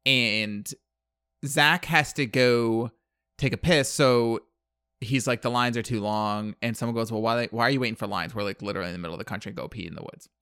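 A man's voice: medium pitch, brisk, sharp tone, smooth, no room sound, studio quality. A man telling a movie plot in casual chat, rambling with lots of fillers and acted-out quotes. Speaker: podcast co-host.

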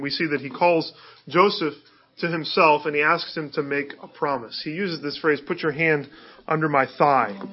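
A man's voice: on the high side, dull audio. A male pastor preaching a sermon in an easygoing, conversational way, with fillers and restarts.

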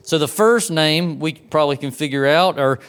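A man's voice: on the high side, normal speed, a bit bright, smooth. A man preaching a sermon in a conversational way, talking straight to the congregation and making asides to them. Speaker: pastor.

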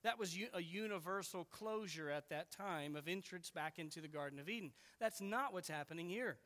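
A man's voice: high voice, fairly quick, sharp tone, in a large hall. A man preaching an expository sermon in an earnest, explaining way, leaning hard on key words.

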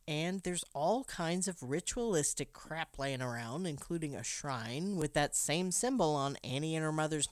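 Animated woman recapping a movie plot. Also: low voice, no echo, studio quality. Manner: animated storyteller, joking asides. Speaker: podcast co-host.

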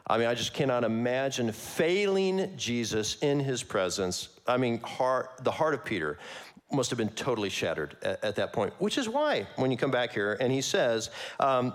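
A man preaching a conversational sermon, casual and animated, with slangy asides and frequent laughs. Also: medium pitch, moderate pace. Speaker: pastor.

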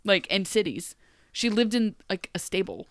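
A woman's voice: mid-range voice, very animated, moderate pace, a bit bright, no echo. Woman from ohio riffing on a tv show, jokey, dry close sound. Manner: joking, rambling. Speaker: podcast co-host. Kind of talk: casual TV recap chat.

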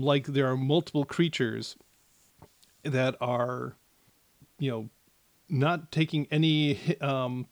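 A man narrating as game master of a tabletop game, with many pauses and restarts. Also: medium pitch, dry recording. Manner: hesitant, many fillers and restarts.

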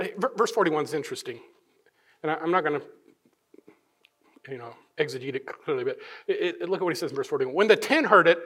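Man, pastor, high bright voice, swinging pitch, animated sermon with quoted voices acted out. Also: husky. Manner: animated preaching, acting out quoted voices with many restarts.

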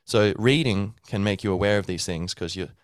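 A man with a low, deep voice talks in a loose, unscripted way, full of fillers and restarts. He explains things casually, as a podcast host would. The recording is dry and close, with no room sound. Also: normal speed, dry recording. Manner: rambling, with many fillers and restarts; acts out a learner's inner thoughts. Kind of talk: casual teaching monologue.

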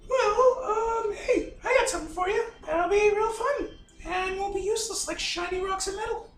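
A woman's voice: very high voice, normal speed. A woman playing a tabletop game, talking in a playful, goofy, boastful way. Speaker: tabletop player. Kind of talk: casual in-character play. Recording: roomy, distant mic with faint noise.

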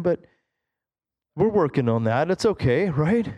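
A middle-aged man, a Pentecostal pastor, preaching a sermon in church, animated, with low asides and sudden shouted exclamations. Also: normal speed, long pauses. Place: church sanctuary.

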